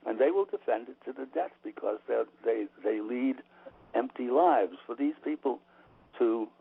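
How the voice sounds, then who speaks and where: Heard by phone on a radio show, the guest author speaks in a gravelly, breathy mid-range voice at a moderate, animated pace. He argues his points emphatically and opinionatedly, restarting often.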